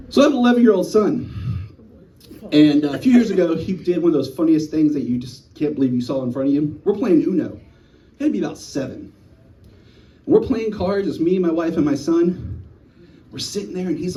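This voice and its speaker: Performing stand-up in a small room, a thirty-something comedian animatedly acts out the voices of people in his stories, his fairly high male voice ranging widely in pitch. Picked up by a distant mic, the audio sounds dull with slight background noise.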